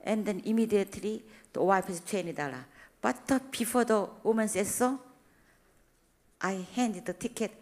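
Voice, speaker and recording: A woman's voice: medium pitch, moderate pace, darkish tone. A middle-aged woman with a Korean accent, a non-native speaker preaching in broken English, animatedly acting out the dialogue of her stories. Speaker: church speaker. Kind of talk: sermon with anecdotes.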